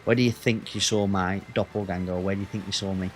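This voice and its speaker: A man's voice: low-pitched, fairly even intonation, fast talker, a little hiss or hum. A man, chatting casually and swearing as he streams a racing game. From Northwest England. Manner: chatty, banters with chat, swears. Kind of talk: casual gaming stream chat.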